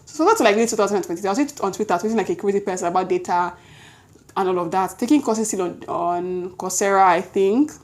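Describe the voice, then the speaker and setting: A young woman with a Nigerian accent, telling a story in a lively, chatty way to her vlog audience. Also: medium pitch. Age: young adult. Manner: lively, chatty, quick self-corrections, Nigerian slang interjections. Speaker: vlogger. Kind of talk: casual storytelling to camera.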